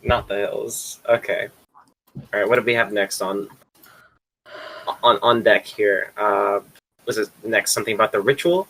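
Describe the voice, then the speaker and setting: A man's voice: on the low side, fairly even intonation, a little slow, pauses often, pushed and bright, slightly rough. A man chatting casually as a player in a tabletop game, joking and playing along.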